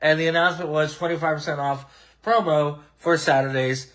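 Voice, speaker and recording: A man with a slightly high voice hosts a casual live wrestling talk show. He talks in an animated, ranting way, with plenty of sarcasm. He trips over restarts and fillers as he goes. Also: brisk. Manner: frequent restarts and filler words. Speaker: podcast host.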